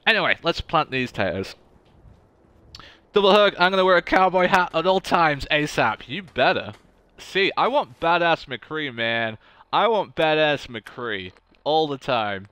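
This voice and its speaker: Young male streamer, casual gaming chat; bright, crisp voice. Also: fairly high pitch, lively intonation, unhurried, no echo. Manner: chatty, goofy, talks to chat.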